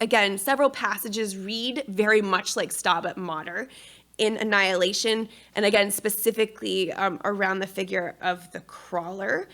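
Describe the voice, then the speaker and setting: A woman giving a paper at an academic conference, moving between scholarly commentary and frank, expressive personal storytelling. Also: medium pitch.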